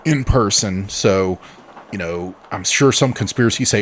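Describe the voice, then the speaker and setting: A man's voice: lowish voice, measured pace, slight background noise. A man, co-hosting a podcast in a casual chat, rambling through explanations with the odd swear word. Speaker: podcast co-host.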